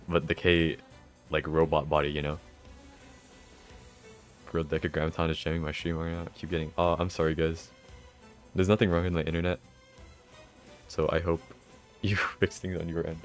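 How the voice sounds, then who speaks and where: A man's voice: deep voice, flat delivery, moderate pace, long pauses, soft background music. A man streaming, reading a game's story aloud and chatting casually between lines. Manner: casual, laughs and breaks off to comment.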